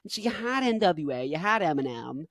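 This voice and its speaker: A man in his twenties giving rambling, jokey reaction commentary, jumping into loud bursts. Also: fairly high pitch, big pitch swings, a little fast, no echo. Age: 20s. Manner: rambling, jokey, goes off on tangents. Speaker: rock musician reacting to a video.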